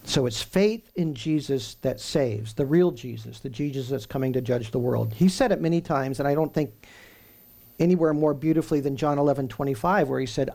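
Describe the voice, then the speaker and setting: A man preaching a sermon, emphatic, with rhetorical questions and slowly stressed lists. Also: mid-range voice, gravelly, mellow.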